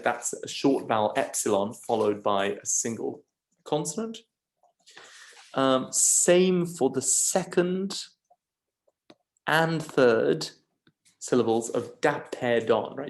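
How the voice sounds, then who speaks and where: A man teaching a lesson, slowly and patiently talking through each syllable. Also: mid-range voice, creaky. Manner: slow, patient, stresses syllables one by one. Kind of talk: lecture on scanning Greek verse.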